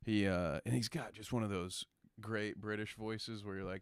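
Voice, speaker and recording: A man co-hosting a podcast in casual chat, animated and sarcastic, swearing and reading out viewer comments. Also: on the low side, moderate pace, smooth, no room sound, clean studio sound. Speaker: podcast co-host.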